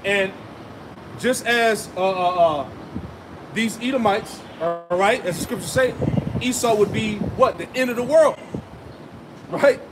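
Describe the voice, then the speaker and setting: High-voiced man preaching outdoors. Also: unhurried, long pauses, noisy background. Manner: emphatic, asks rhetorical "right?" and "man" often. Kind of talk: street sermon with scripture reading.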